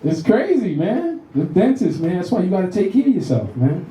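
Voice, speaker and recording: A man in his thirties doing a profane, animated stand-up set in a comedy club, acting out voices as he tells stories. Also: high voice, brisk. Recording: roomy club sound from a distant mic.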